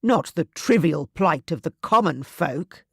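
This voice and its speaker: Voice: mid-range voice, expressive, unhurried, creaky, a bit bright, breathy edge, no room sound, clean studio sound, exaggerated voice. An audiobook narrator voicing a disdainful old male court elder who speaks in a prim, dismissive way.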